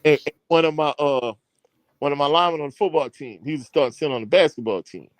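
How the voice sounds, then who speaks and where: Male coach co-host with a somewhat high voice and dry, close sound, telling stories in loose, slangy chat. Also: fast talker, no echo. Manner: animated, slangy anecdote telling with many fillers. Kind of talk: casual podcast storytelling.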